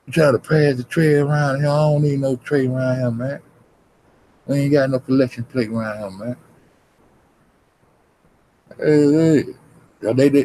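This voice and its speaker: A man's voice: fairly high pitch, mellow, a little hiss or hum, low-quality recording. A man livestreaming, ranting at his chat in a confrontational, heavily cursing, repetitive way. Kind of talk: profane rant at chat.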